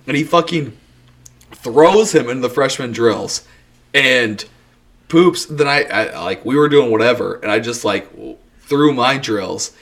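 A man's voice: medium pitch, measured pace, fairly bright tone. A man telling a rambling, crude story in a casual podcast chat, laughing often as he goes. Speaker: podcast co-host.

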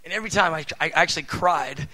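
A middle-aged man preaching a sermon in a conversational way, full of fillers, swinging between loud emphatic bursts and soft asides. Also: fairly high pitch, fast, low-quality recording. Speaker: pastor.

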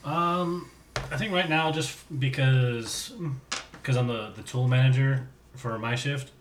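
A man in casual chat who talks about his job in halting, profane bursts. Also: medium pitch, steady tone, a little hiss or hum. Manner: halting, profane, with many fillers. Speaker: tool manager for his work shift. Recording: echoey room, mic at a distance.

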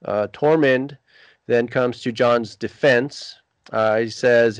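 A man of middle pitch recapping a TV episode and reading its scenes out plainly. He fills the gaps with a steady stream of fillers. The sound is slightly dull and dead dry. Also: takes it slowly, clean tone, no room sound. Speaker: podcast co-host.

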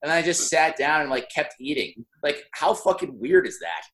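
A man's voice: fairly high pitch, sing-song, normal speed, a bit bright. A young man telling a long anecdote in casual podcast chat, full of "like" and laughing through it. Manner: rambling, heavy on "like", laughs mid-story.

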